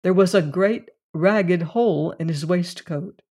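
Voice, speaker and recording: A narrator reading a classic mystery tale aloud, slow and unhurried. The delivery is measured and deliberate, with a pitch that sits in the middle of the range. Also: darkish tone, breathy edge.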